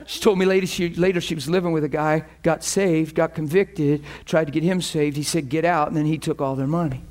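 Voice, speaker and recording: A man with a voice on the high side preaches a sermon, speaking a little fast. He tells stories with animation, acting out the voices of the people in them.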